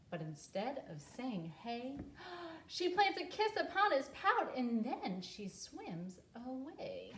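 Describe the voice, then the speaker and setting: A woman teacher reading a rhyming picture book aloud in a slow, expressive way. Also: medium pitch, slight background noise. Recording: roomy echo with faint ambience.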